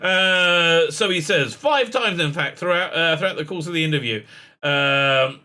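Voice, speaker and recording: A man's voice: fairly high pitch, expressive, a little slow, pushed and bright. A man giving sarcastic commentary, reading quotes aloud with lots of fillers and laughs. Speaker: commentary vlogger.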